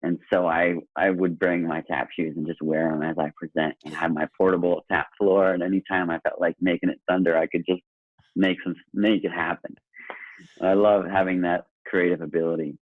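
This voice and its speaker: A man's voice: deep voice, fairly even intonation, normal speed, no room sound. A man telling stories in a casual podcast conversation, earnest and enthusiastic. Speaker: guest. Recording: tinny phone-line sound.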